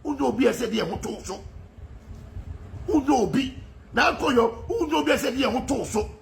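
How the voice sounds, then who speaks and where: Ghanaian male commentator, high raspy-fry voice, impassioned monologue with frequent laughs. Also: lively intonation, a little fast, a little hiss or hum. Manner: fervent, often laughing mid-sentence. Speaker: political social media commentator.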